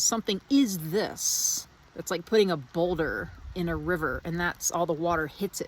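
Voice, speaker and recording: A woman's voice: fairly low pitch, a little hiss or hum. A woman vlogging outdoors in the rain, musing in a meandering, reflective way with many restarts. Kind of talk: casual spiritual reflection.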